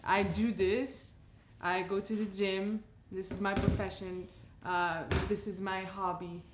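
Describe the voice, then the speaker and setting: Brief: woman from portugal, relaxed talk, echoey kitchen with faint sizzle. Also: medium pitch, measured pace, noisy background. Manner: relaxed, reflective, laughs often. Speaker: guest singer. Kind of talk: casual chat while cooking. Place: home kitchen.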